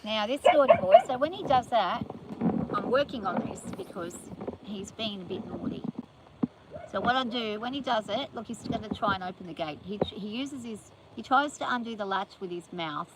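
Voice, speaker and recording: A woman's voice: medium pitch, lively intonation, normal speed, very noisy. An older woman livestreaming from her farm in a chatty, rambling way, talking to viewers and scolding her animals playfully. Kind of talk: casual livestream chat. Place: outdoors on a farm.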